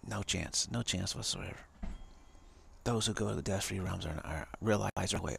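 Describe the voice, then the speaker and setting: A man's voice: low voice, normal speed, vocal fry, fairly bright tone, slightly rough. A man giving an emphatic spiritual talk on a live stream. He repeats phrases for emphasis and chuckles often.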